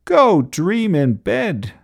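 Man reading as a mean toy engine, high taunting voice, storybook style. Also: wildly swooping pitch, drawn-out words, vocal fry, heavily acted.

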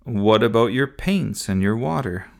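A patient grown neighbor with a dry, easygoing way of answering children, as a man puts him on. He speaks unhurriedly and mildly, just above the reader's own pitch. It is a storybook read-aloud. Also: animated, measured pace, creaky.

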